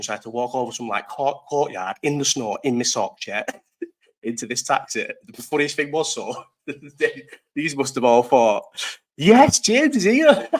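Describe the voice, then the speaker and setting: A man's voice: medium pitch, fairly bright tone. A man in his thirties hosting a casual live chat, rambling through stories, swearing freely and laughing often. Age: 30s. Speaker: live stream host. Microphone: desk mic set too low.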